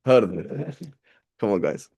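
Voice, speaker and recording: A man's voice: on the low side, big pitch swings, unhurried, warm tone, slightly rough. A man teaching a small class, reading and explaining texts in a casual, rambling way and asking his students rhetorical questions.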